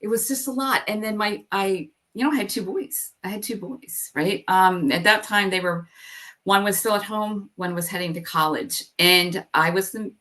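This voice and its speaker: A woman's voice: mid-range voice, moderate pace, a bit bright. A middle-aged woman telling her own story as an interview guest. She talks candidly, says "like" and "you know" often, and acts out her past thoughts.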